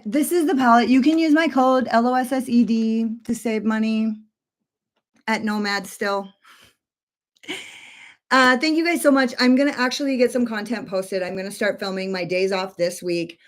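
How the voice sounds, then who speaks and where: A woman in her forties chatting casually on a makeup livestream from her bedroom, rambling with lots of fillers and free swearing. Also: a little high. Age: 40s.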